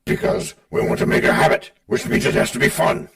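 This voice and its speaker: A man's voice: fairly quick, fairly bright tone, far from the mic. A man co-hosting a podcast, dry and questioning, asking for things to be explained. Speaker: podcast co-host. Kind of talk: casual podcast banter.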